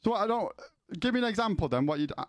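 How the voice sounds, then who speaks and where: A man's voice: sits high, lively intonation, quick pace, no echo. Rambling man chatting to stream. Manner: rambling, many restarts, asks chat questions. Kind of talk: casual chat with viewers.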